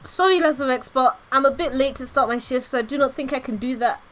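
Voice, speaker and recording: A young outcast star girl from a storybook, read by a woman, polite yet guarded and holding herself back. Her tone is bright and crisp. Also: sits high, fast, soft background music, voice pushed up.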